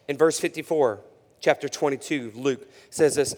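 A man preaching a sermon as pastor, conversational with frequent fillers and self-corrections, swinging between loud emphasis and hushed delivery. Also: mid-range voice, moderate pace, big-room sound.

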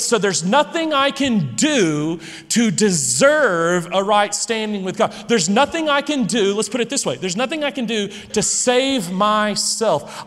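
Man, pastor, sermon, high voice, emphatic, repeats key phrases, long reverb of a big hall. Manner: emphatic, repeats key phrases, swings between loud and hushed.

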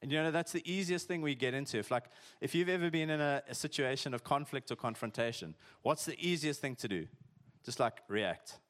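A man's voice: medium pitch, brisk, fairly bright tone. A man preaching a sermon in a conversational, jokey way, peppered with "like" and "eh". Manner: conversational, chatty, uses "eh" and "like", jokey asides. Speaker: pastor.

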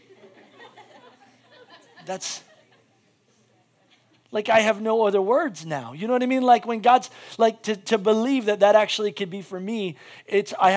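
A man preaching a sermon as pastor, animated and casual, swinging between loud bursts and hushed asides. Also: sits high. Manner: casual, with many "like" fillers.

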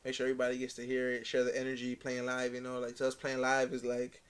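A man, a band frontman talking as a guest in a casual, slangy, laid-back way that trails off quietly. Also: mid-range voice, monotone, fast, clean tone. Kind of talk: casual interview chat.

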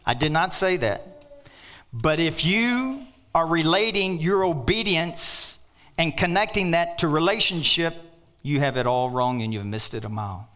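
An older man preaching a sermon as pastor, emphatic, with sudden loud outbursts and joking asides. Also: a little high, animated, unhurried.

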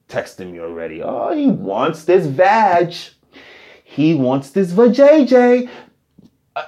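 Animated rambling male podcast host. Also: lo-fi sound. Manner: animated, rambling, swings high and low. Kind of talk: casual comedic monologue.

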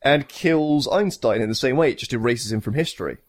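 A man's voice: medium pitch, a little fast. A man co-hosting a podcast, chatting casually and animatedly about video games, laughing often. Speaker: podcast co-host. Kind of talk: casual chat.

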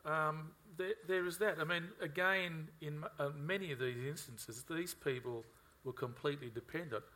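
A man, a co-author, speaking haltingly with many fillers in a conversational interview. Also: fairly high pitch, bright, forceful tone. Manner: halting, full of fillers and restarts.

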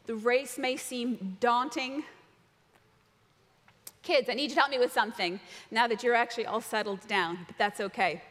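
A woman with a high, bright voice leads a children's talk in a church. Her voice rings through a reverberant hall. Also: normal speed. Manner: animated, shouting out a count. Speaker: children's message leader. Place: church sanctuary.

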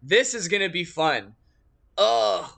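A man's voice: high-pitched, lively intonation, takes it slowly, vocal fry, a crowd in the background. A young man co-hosting a casual sports chat, teasing and swearing freely as he makes his picks. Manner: profane, wry and teasing. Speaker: podcast co-host making picks.

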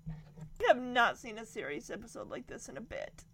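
A woman's voice: on the high side, very animated, normal speed, breathy edge, dry recording. A woman giving casual reaction commentary on a television episode, gushing and rambling as she gets emotional. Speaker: show reviewer.

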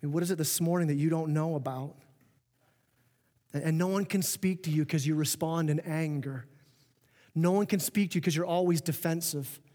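A man preaching a sermon as pastor, earnest and animated, often restarting his sentences and acting out quoted remarks. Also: fairly high pitch, moderate pace. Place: church auditorium. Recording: long reverb of a church hall.

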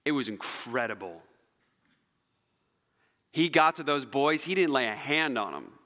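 A male pastor preaching a sermon, telling stories dramatically and swinging between loud emphasis and near-whispers. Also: medium pitch, unhurried, pauses often. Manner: animated, dramatic storytelling with shifts between loud and soft. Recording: long hall reverb.

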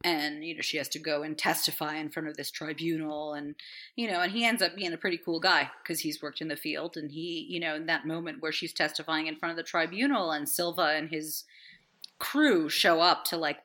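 A woman's voice: sits low, a little fast, bright, forceful tone. A woman chatting casually as a podcast co-host, rambling with enthusiasm, swearing freely and laughing often. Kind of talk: casual chat.

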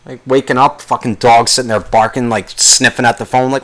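A man's voice: medium pitch, steady tone, fairly quick, few pauses, fairly bright tone. Profane ranting male podcast host. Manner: profane, rambling, angry ranting. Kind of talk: solo podcast rant.

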